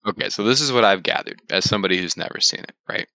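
A man's voice: fairly low pitch, rapid-fire, creaky, bright, forceful tone, no echo. A young man co-hosting a casual podcast, joking and teasing his friends in crude slang. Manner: joking, crude, teasing, retells plots in silly voices. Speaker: podcast co-host. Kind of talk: casual chat.

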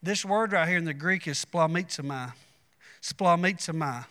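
A man's voice: on the high side, a little fast, pushed and bright, long reverb tail. A man, preaching a sermon in a folksy, conversational way with asides to the congregation. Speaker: pastor.

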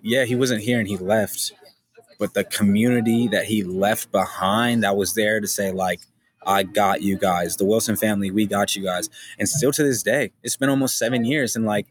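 Emotional young man, halting speech. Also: lowish voice. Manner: emotional, halting, many fillers and restarts. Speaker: podcast guest. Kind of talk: casual podcast conversation.

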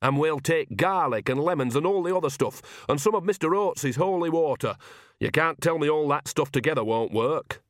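A man's voice: on the high side, brisk, dry recording, clean studio sound, voice pushed up, natural voice. A man playing a blunt, bawdy old witch. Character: earthy, shameless old witch woman. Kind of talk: audiobook reading.

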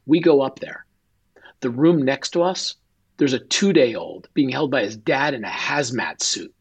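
A man's voice: mid-range voice, lively intonation, a little slow, slightly rough. A man, a guest and author, telling an emotional personal story in an interview and acting out quoted dialogue.

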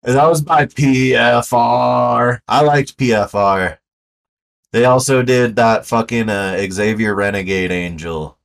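A man's voice: mid-range voice, fairly even intonation, takes it slowly, creaky, recorded from a distance. A man, a podcast co-host, telling a story in meandering casual banter.

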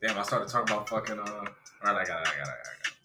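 A young man in casual podcast chat, excitable, swearing often and laughing loudly. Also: fairly low pitch, very fast. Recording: echoey room with faint music.

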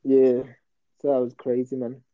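A man's voice: mid-range voice, monotone, moderate pace, narrow, tinny audio. A young man telling a rambling, slangy story on a casual podcast. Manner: rambling, slangy, self-interrupting. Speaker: podcast host.

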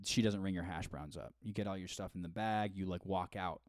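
Animated joking podcast co-host, male. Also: low-pitched, brisk, no echo, clean studio sound. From Michigan. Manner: animated storyteller, slips into joking accent impressions. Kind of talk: casual chat.

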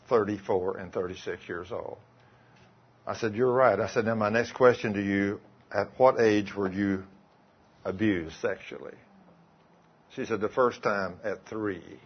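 A man's voice: on the low side, measured pace, breathy edge, lo-fi sound. A male preacher, delivering a sermon by retelling conversations line by line. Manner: retells dialogue, quoting both sides. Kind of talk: sermon with told stories.

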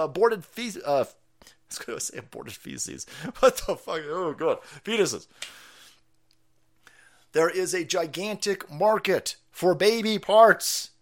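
In this profane livestream commentary, a high-voiced male political streamer mocks his targets loudly, flipping from shouts to quiet mutters.

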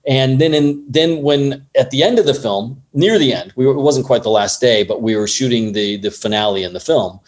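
A man who works as an assistant director, telling a lively story in an interview and acting out other people's lines along the way. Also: medium pitch, normal speed, few pauses. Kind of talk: casual anecdote in an interview.

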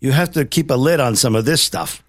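A man co-hosting a casual political talk show, animated and mocking, often acting out the voices of people he quotes. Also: medium pitch, a little fast, no echo, studio quality.

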